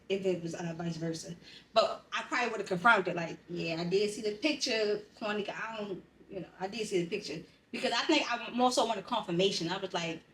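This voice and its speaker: Her mid-range voice a bit bright, a woman co-hosting a podcast recounts something painful with raw emotion, bluntness and profanity. It's a candid personal talk, and she sits far from the mic in a roomy-sounding space.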